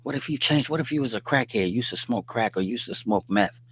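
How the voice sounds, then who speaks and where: A man's voice: medium pitch, expressive, fairly quick, husky. A man hosting a faith-based livestream, talking in a loose, preachy way with street slang and joking asides, often checking in with listeners. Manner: conversational and preachy, often asks "you dig what I'm saying". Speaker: livestream host. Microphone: livestream microphone.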